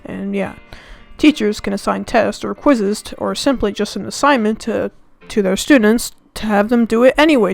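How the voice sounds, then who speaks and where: A sarcastic American student woman rants on her channel with a gravelly, fry-laden voice. Her complaints are deliberately overblown and mocking. Faint music plays behind her. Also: on the high side, poor audio. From United States. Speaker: channel host. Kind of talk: comedic rant to camera.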